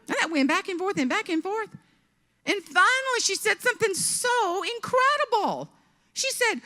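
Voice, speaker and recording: Southern lady speaker telling a funny story, high voice, echoey big hall. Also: brisk. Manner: sassy, animated, acts out every voice. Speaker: motivational speaker and humorist. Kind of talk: comic storytelling keynote. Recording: long reverb of a large hall.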